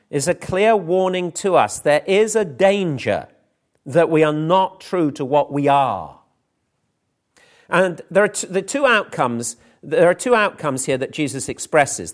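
Earnest man preaching a sermon. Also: a little high. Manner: earnest expository preaching with frequent restarts.

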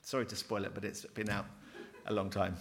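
A middle-aged man lecturing on theology from a handout, lively, with wry, self-deprecating asides. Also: fairly low pitch, brisk, gravelly. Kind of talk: teaching with a handout.

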